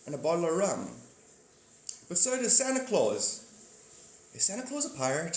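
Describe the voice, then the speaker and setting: A man's voice: high voice, sing-song, fairly quick. A man hosting a casual live stream, rambling, joking and greeting his viewers by name. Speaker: livestream host. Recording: echoey room with faint ambience.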